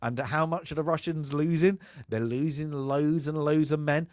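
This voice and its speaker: A man's voice: fairly high pitch, fairly even intonation, moderate pace, a little mellow, no echo, studio quality. A man co-hosting a casual film chat, rambling and laughing often. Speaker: podcast co-host.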